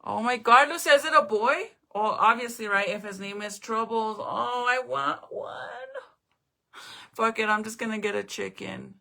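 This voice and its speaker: A woman's voice: fairly high pitch, normal speed, gravelly, sharp tone. A young woman at home chatting casually on a live stream, rambling, swearing now and then and answering viewer comments. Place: at home, indoors.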